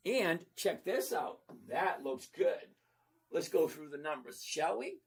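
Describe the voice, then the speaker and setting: Blunt, husky stock-chat host. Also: medium pitch, very animated, slow. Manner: blunt and playful, with emphatic repetition. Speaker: stock trading livestream host. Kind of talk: casual livestream chat reading viewer comments.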